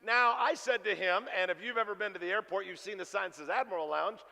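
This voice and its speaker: A pastor preaching a sermon, telling a funny story in an animated way and acting out the dialogue. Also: male voice, high-pitched, fast talker, vocal fry. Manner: animated, jokey, acts out dialogue. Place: church sanctuary. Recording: reverberant church hall.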